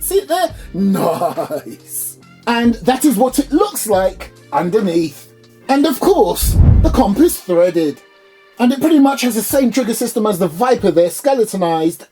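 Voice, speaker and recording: A man doing an upbeat, high-pitched reviewer persona, playfully showing off a product in his small home studio. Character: chirpy high-voiced male gun reviewer persona.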